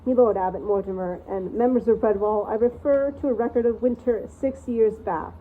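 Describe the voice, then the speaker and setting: A woman voicing an ancient, forgetful male mouse who keeps records, speaking in a squeaky near-whisper and rambling like a doddering elder. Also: moderate pace, close to an everyday voice. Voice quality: squeaky voice barely above a whisper. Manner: doddering, rambling, peering over spectacles. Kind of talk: storybook reading. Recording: tinny phone-like sound, faint hiss.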